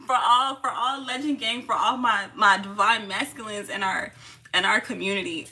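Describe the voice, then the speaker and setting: A woman's voice: mid-range voice, moderate pace, noisy background. A woman in her thirties chatting casually on a live stream as a tarot channel host, affectionate and laughing often as she greets viewers. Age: 30s.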